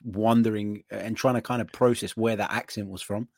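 Steady male podcast host, dry sound. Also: lowish voice, moderate pace, no echo. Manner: steady, reads questions out, brief encouraging replies. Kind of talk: casual podcast hosting.

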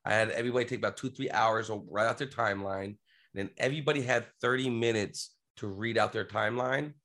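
A man's voice: fairly low pitch, fast, a bit bright. Man, middle-aged, podcast guest; earnest casual storyteller, rambling.

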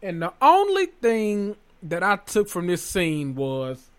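A man, hosting a casual podcast and recapping reality TV in an animated, profane way with laughing asides. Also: high-pitched, takes it slowly. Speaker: podcast host.

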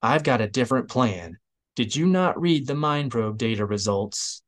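A man's voice: medium pitch, animated, moderate pace, natural voice. A man voicing a cool, cutting male Imperial major. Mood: dry.

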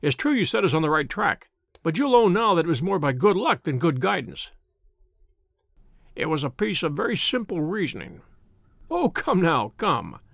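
A man voicing a stout, blustering middle-aged police inspector with a muffled, husky, wheezing voice in a storybook reading. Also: on the high side, sing-song, moderate pace, no echo, clean studio sound, heavily acted. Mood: patronizing. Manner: blustering, self-satisfied.

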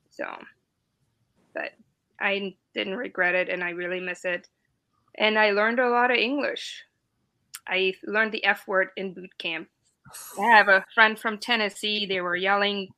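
This is a poor-quality clip of a mid-range female voice. The speaker, an East German woman in her forties, appears as a veteran guest in a relaxed live-stream conversation, spinning lively stories with frequent laughter.

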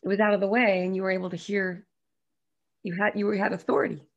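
A woman's voice: medium pitch, fairly even intonation, fast, highs cut off. Woman talk show host, effusive and reflective.

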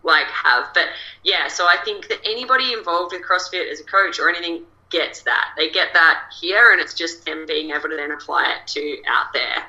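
A woman's voice: lowish voice, a little fast, few pauses, bright, forceful tone, rough recording. A chatty Australian woman, a coach, talking as a guest over a video call and laughing often. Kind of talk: casual interview chat.

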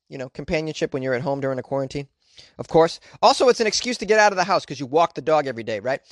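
A man's voice: mid-range voice, no room sound. Wisecracking male podcast host, dry sound. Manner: sarcastic, crude, rambling, talks to himself. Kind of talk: comic news commentary.

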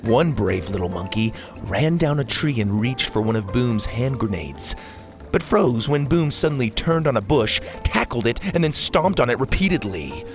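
A man narrating a kids' adventure story in an expressive, animated storytelling manner. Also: medium pitch, normal speed, music in the background.

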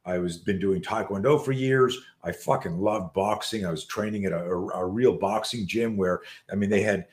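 A man in his sixties, a podcast guest, telling a story in an animated, profane way with many restarts. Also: lowish voice, moderate pace, few pauses. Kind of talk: storytelling in a conversation. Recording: roomy echo.

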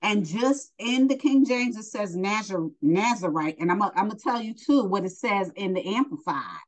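This is a woman from New York leading a Bible lesson. Her voice sits at a middling pitch. She reads scripture aloud and then retells it in blunt street talk, firing questions at her listeners and answering them herself. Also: animated, moderate pace, low-quality recording. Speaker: Bible teacher.

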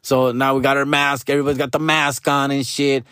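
A man's voice: medium pitch, flat delivery, a little fast, pushed and bright, smooth, no room sound, studio quality. A young man rants in a profane, exasperated stand-up style. He is full of slang and constant swearing. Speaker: comedian. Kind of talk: profane Spanglish stand-up rant.

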